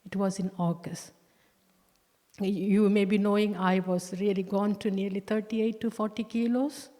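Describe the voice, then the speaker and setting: A woman giving a personal testimony in church, talking earnestly and haltingly, with many restarts and with slow stress on key words. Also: medium pitch, level tone, warm tone. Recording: long church-hall reverb.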